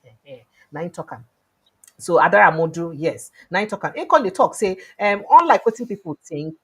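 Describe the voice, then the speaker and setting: A woman with a Nigerian accent hosting an online news show, telling the news in pidgin and acting out quoted lines loudly. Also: low voice, slightly rough.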